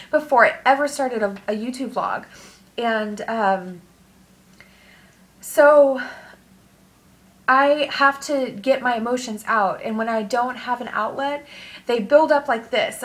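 Young woman vlogging, kinda teary, lots of ums and restarts, voice sits a bit high. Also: fairly bright tone. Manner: emotional, halting, many fillers and restarts. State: tearful. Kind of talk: personal vlog monologue.

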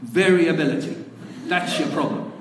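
A man's voice: on the high side, normal speed, pitched above the performer's own voice, lightly acted. A man imitating a smug, patronising male government minister in a story he tells to an audience, heard in an echoey hall with background noise.

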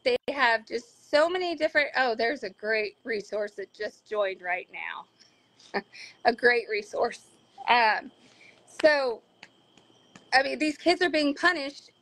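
A woman's voice: sits high, fairly bright tone. A woman, a mother, talking earnestly in a casual discussion and acting out quotes now and then. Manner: earnest, quick to act out quotes. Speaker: parent guest.

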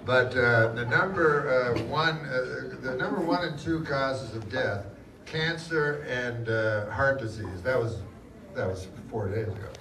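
A middle-aged man doing live stand-up with a deadpan, rambling delivery and mumbled fillers, heard in a large hall with a live audience. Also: mid-range voice, a little slow, distant mic, noisy background. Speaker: stand-up comedian. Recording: roomy live hall, loud crowd laughter.

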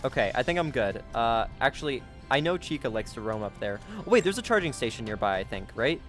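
A man talks through a horror game in a let's play, jumpy and quick to yelp or gasp at every scare. His voice sits at an ordinary middle pitch. Faint game music plays underneath. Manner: jumpy and excitable, gasping and yelping at scares. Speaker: gaming YouTuber.

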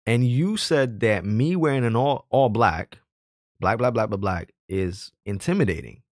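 A man's voice: fairly low pitch, lively intonation, a little slow, no echo, clean studio sound. A man giving opinionated personal commentary, earnest and argumentative, backing his points with stories from his own working life. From Jamaican heritage, raised in the hood.

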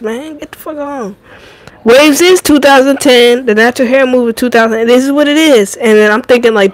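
A woman's voice: a little high, no room sound, rough recording. A woman in her late twenties chatting casually on a livestream, profane and rambling, talking back to her chat. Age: late 20s.

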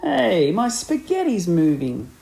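Storybook: gloating, gravelly old grump voiced by a man, dark-toned and teasing. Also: fairly high pitch, very animated, normal speed. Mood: grumbling. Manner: gloating, loud. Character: mean, gloating old husband.

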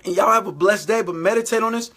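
He's a faith vlogger who talks fast in a high, slightly bright voice. Addressing his camera with motivational faith talk, he exhorts, repeats himself, and keeps asking "all right?".

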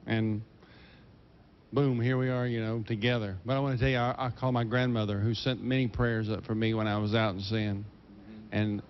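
A man's voice: mid-range voice, a little hiss or hum. A man, a guest musician giving his testimony on a gospel TV show, humble and earnest. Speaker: guest harmonica player. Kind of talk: testimony chat on TV. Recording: dull old broadcast audio.

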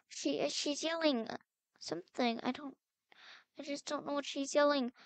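High, soft-spoken young woman role-playing a game. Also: fairly even intonation, measured pace, creaky, pauses often, no echo. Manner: anxious, calling out, worried searching. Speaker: game player voicing her character. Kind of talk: role-play game narration.

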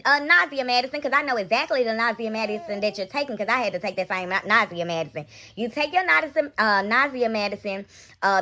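Brash, profane young woman ranting. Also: a little high. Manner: blunt, profane, animated ranting. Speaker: reaction vlogger. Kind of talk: raw live reaction rant.

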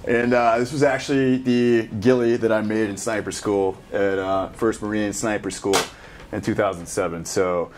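Speaking at a moderate pace with fairly even intonation, this man has a fairly low, slightly mellow voice, with slight background noise. A special operations veteran in his thirties, he reacts to a game in casual chat, telling rambling stories full of swearing.

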